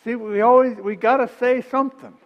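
A man's voice: extremely high pitch, fairly even intonation, brisk, in a large hall, lo-fi sound. A middle-aged man preaching a sermon in a folksy, conversational way, repeating phrases and chuckling between points.

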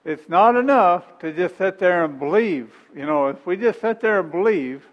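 A man's voice: high-pitched, lively intonation, normal speed, big-room sound, lo-fi sound. A middle-aged man preaching a sermon in a folksy, conversational way, repeating phrases and chuckling between points.

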